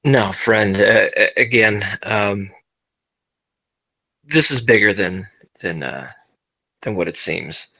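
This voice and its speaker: A young man playing his character in a tabletop game, speaking in a halting, hesitant way. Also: fairly low pitch, expressive, vocal fry, pushed and bright, no room sound, rough recording. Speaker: player. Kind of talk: in-character tabletop role-play.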